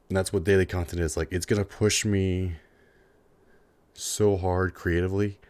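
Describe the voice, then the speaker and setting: A young man with a low, deep voice rambles earnestly in an unscripted vlog, full of "like" and restarts. He sounds a little out of breath. The recording is dry, with no room sound. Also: a little mellow, dry recording. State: slightly out of breath, chewing a cough drop. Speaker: YouTuber.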